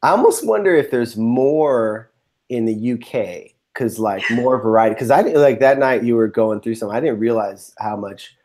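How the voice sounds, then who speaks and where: A man's voice: medium pitch, normal speed, darkish tone. A man from the United States hosting a podcast, teasing his guest in an easygoing chat. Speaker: podcast host. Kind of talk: casual interview chat.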